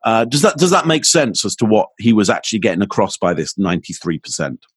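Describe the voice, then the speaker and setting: A man with a slightly husky, breathy voice speaks as an expert guest in an interview. He explains his points patiently, now and then acting out a phrase to show a change of tone. The sound is dry and close. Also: on the low side, big pitch swings, fast talker, no echo. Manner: explanatory, demonstrates intonation with his voice. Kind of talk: podcast interview.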